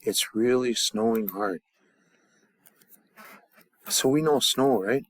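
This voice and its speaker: Man, casual grammar lesson, halting restarts, joking asides, mid-pitched voice, dry close sound. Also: animated, gravelly, dry recording. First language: English. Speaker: language teacher.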